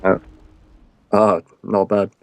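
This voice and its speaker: An easygoing man with an Australian accent chats relaxedly about games with friends. His voice sits on the low side, unhurried and calm. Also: creaky, slight background noise. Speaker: guest in chat. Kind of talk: casual gaming chat.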